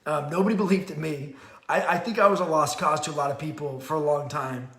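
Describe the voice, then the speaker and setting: A man's voice: a little high, steady tone, fast, gravelly, a bit bright. Rambling man in an echoey room. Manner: rambling, candid, acts out quotes with laughs. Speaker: podcast host and parenting author. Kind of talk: casual rambling talk.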